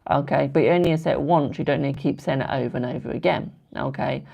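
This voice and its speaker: Gravelly-voiced British man reading tarot. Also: mid-range voice, quick pace, highs cut off. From United Kingdom. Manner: chatty, calls viewers "my darling". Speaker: tarot card reader. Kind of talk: live-stream chat with viewers.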